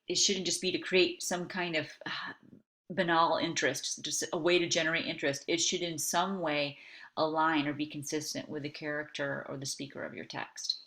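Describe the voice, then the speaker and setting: A woman's voice: deep voice, fairly bright tone. A woman instructor giving a recorded video lecture in a conversational way, often checking in with "okay?".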